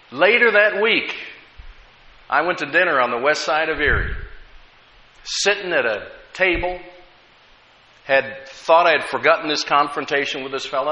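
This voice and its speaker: An American man preaches in an animated, ringing voice that climbs and dips as he drives home each point. His tone is bright and a touch high, and he slips easily into storytelling. The sound is roomy and echoing, with a dull, lo-fi edge. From United States. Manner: lively preaching with rising emphasis and storytelling. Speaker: pastor. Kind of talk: sermon. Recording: echoey room, dull lo-fi sound.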